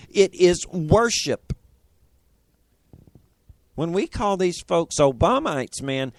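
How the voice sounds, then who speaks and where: A man hosting a political talk radio show, talking in an animated, indignant and sarcastic way into a studio microphone. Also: sits high, no echo.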